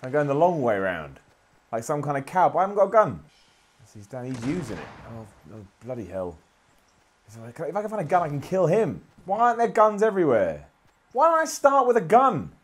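A man's voice: on the high side, huge pitch swings, brisk. A man giving self-deprecating, sweary commentary while playing a video game. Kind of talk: gameplay commentary.

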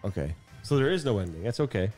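A man's voice: on the low side, very animated, quick pace, a little mellow, faint music behind. A man co-hosting a comedy show, laughing often and asking questions as he follows the story. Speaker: podcast co-host. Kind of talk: casual comedic banter.

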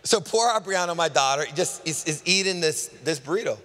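High bright-voiced preaching pastor in a hall. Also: male voice, lively intonation, brisk. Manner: preaching with lists, swings from loud calls to hushed asides. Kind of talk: sermon. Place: large church hall. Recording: live church sermon with long hall reverb.

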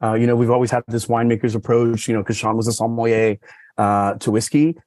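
Ospite maschile di podcast, parlantina sciolta, tono medio, registrazione asciutta; racconta aneddoti con molti intercalari. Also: male voice, steady tone, fast talker, a little mellow, dry recording. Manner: rambling storyteller, many fillers like "you know" and "like"; acts out quoted dialogue with raised pitch. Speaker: podcast guest, sommelier. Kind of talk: casual chat.

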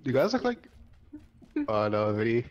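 A man chatting with friends during an online match, giving quick, teasing callouts. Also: mid-range voice, big pitch swings, highs cut off. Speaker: gaming friend. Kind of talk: casual gameplay chat.

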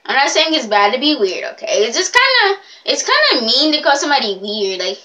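A young woman rambles through a casual vlog, giggling as she loses her thread. Her pitch swoops up and down, and her tone is bright and a little high. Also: huge pitch swings, a little fast, hardly any pauses. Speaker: vlogger.

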